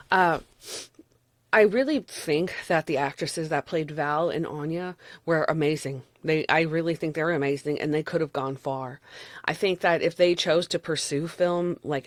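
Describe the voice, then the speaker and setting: A woman's voice: deep voice, dry recording. Rambling Southern woman reviewing a movie. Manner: rambling, candid, chuckles often. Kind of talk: casual spoken movie review.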